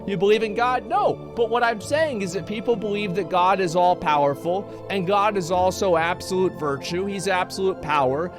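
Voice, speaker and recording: A male streamer giving live reaction commentary, blunt and profane, who stumbles over and repeats words when worked up. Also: high-pitched. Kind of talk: live reaction commentary, reading posts aloud.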